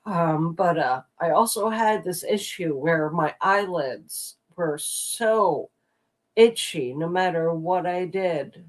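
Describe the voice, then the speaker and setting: A co-host of a live stream who is crying, talking in a halting, hesitant way that trails off. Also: medium pitch, rough recording. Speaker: livestream co-host. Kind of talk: casual live-stream chat.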